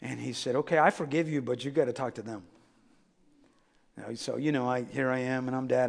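A middle-aged male pastor preaching a sermon, swinging between loud exhortation and hushed, intimate storytelling. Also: mid-range voice, a little fast, vocal fry. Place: church sanctuary. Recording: long reverb in a large church hall.

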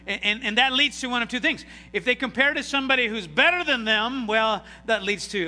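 A bright, high-voiced man preaches a sermon to his congregation, pulling them into call-and-response and swinging between loud bursts and hushed lines. His voice rings in a reverberant church hall with a faint hum underneath. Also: lively intonation, fairly quick, few pauses. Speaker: pastor.

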